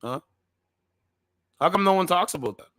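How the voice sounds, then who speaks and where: A man's voice: sits high, animated, moderate pace, a bit bright, dry recording. A man hosting a casual commentary channel, reading news articles aloud with slangy asides, stumbling over words and repeating defensive disclaimers.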